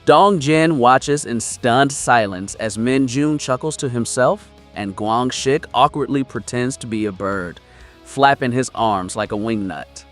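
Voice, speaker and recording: A man narrating a comic story recap in a steady, scripted storytelling delivery. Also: mid-range voice, measured pace, soft background music.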